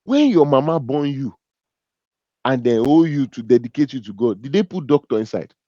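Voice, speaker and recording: A man with a Nigerian accent giving a humorous, animated business talk, joking and teasing as he tells stories. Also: medium pitch, normal speed, no room sound, highs cut off. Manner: animated and joking, laughs at his own stories. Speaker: business speaker.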